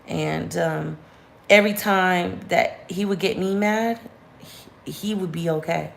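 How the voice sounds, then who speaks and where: A woman talks straight to camera, candid and slangy, getting sharp and animated when she vents. Her voice sits a little low. The room is bare, and her voice echoes off it. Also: measured pace, creaky, a little hiss or hum. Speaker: vlogger. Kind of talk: casual storytime chat to camera.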